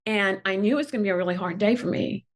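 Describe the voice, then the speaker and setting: A woman whose first language is not English, telling a personal childhood story with earnest emotion, often pausing with fillers. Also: mid-range voice. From not from the country where she went to school. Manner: earnest, tearful at times, many fillers. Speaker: guest executive.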